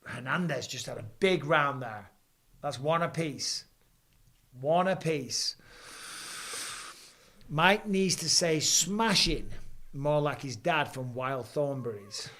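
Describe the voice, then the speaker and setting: A man, hosting a live fight watch-along and calling the action with rising excitement. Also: fairly high pitch, slow pace, long pauses. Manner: excitable, rising for big moments. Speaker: host. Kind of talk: live fight commentary and chat.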